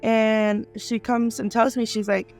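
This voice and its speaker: A woman telling her own life story in an unscripted interview, speaking in a halting, earnest way full of small fillers. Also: on the high side, little pitch movement, darkish tone, soft background music. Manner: halting and earnest, many "like" and "you know" fillers. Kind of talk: personal testimony, unscripted.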